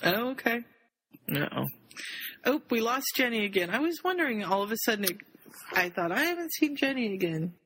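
A woman's voice: a little high, fairly quick, slight background noise, low-quality recording. A woman on a group call, casually retelling and reading a fan story to friends. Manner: retells the story in lively summaries.

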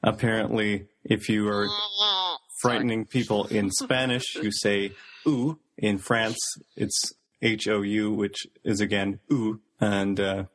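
A man co-hosting a casual chat, sharing trivia with many pauses and fillers. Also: lowish voice, little pitch movement, fairly bright tone. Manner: hesitant, filler-heavy trivia telling. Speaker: podcast co-host.

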